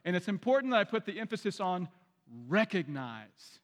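A man's voice: high-pitched, sing-song, moderate pace. A man preaching a sermon as a pastor, in a conversational style that repeats phrases, restarts sentences and puts direct questions to the congregation. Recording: long hall reverb.

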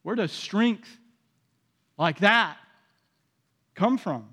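A man's voice: high voice, expressive, very slow, sharp tone, husky, long reverb tail. A man preaching a sermon in a conversational way, acting out the voices he quotes. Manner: conversational, acts out quoted voices, many restarts.

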